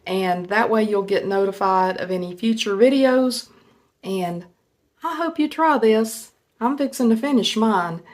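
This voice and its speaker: A woman's voice: medium pitch, expressive, measured pace, a little mellow. A middle-aged woman, chatting in a folksy way as she cooks and tastes food for her vlog. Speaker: home cook vlogger. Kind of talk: casual cooking vlog.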